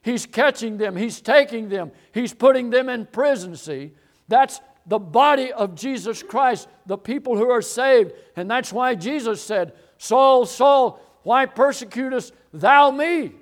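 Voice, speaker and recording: A man preaching a sermon who explains a Bible passage, repeats phrases for emphasis and swells into loud declarations. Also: extremely high pitch, unhurried. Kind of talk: sermon, expository Bible teaching.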